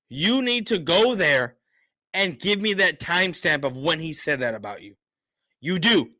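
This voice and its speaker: A man's voice: fairly high pitch, bright, forceful tone, no room sound. A man on a casual livestream, telling a family story bluntly and frankly, acting out the dialogue. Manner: self-described attitude, frank and profane. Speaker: show host.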